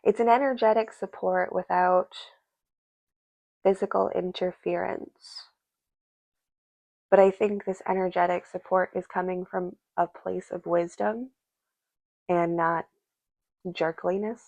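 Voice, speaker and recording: A woman's voice: fairly low pitch, fairly even intonation, slow, vocal fry, pauses often, darkish tone, no echo. A woman giving a casual spoken tarot reading, musing aloud and speaking directly to the spirits and to her viewers. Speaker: tarot reader.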